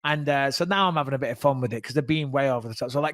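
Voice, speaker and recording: A man tells a story in a relaxed, chatty way, slipping into the voices of the people he quotes. His voice sits fairly high for a man, and the sound is close and dry. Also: racing, few pauses, no echo. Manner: animated, acts out quoted dialogue. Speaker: podcast guest telling a story. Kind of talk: casual storytelling.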